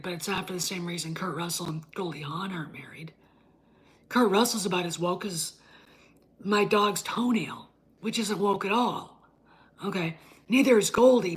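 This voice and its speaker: A woman's voice: mid-range voice, slightly rough. A woman hosting her own show, ranting bluntly and combatively, often swearing and restarting her sentences. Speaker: host. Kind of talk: opinion rant.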